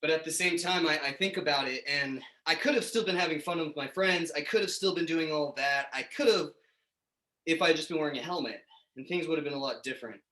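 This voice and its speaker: A young man talks in a relaxed, chatty way, a little out of breath and often pausing on fillers. His voice sits slightly high for a man, and the room around him echoes. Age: young adult. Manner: laid-back, chatty, hesitant fillers. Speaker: guest.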